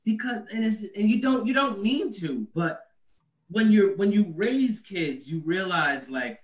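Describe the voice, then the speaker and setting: Brief: male stand-up comic, light high voice, chatty and animated, recorded away from the mic. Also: normal speed, recorded from a distance. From US Northeast. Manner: conversational, animated, laughs at own jokes. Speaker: stand-up comedian. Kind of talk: stand-up comedy set about parenting. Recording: echoey room, away from the mic.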